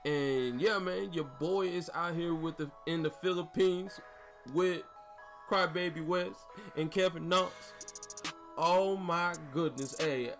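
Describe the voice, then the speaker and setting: A man giving excitable, slang-heavy commentary over his basketball video game, hyping his plays and trash-talking his teammates. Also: a little high, slow, faint music behind. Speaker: gaming YouTuber. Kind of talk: gameplay commentary.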